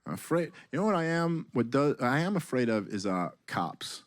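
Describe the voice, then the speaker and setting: On a comedy club stage, a man performs a stand-up set, animated, sarcastic and profane, slipping into mock voices. His pitch is medium and his pace moderate.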